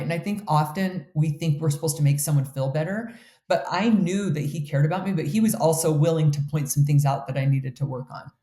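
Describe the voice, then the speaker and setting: A woman in her fifties recounts her life in an interview, speaking earnestly and with open emotion. Her voice sounds warm and mellow, and the room around her is noticeably echoey. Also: deep voice. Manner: earnest, candid, emotional storytelling. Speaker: guest. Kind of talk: personal storytelling in an interview.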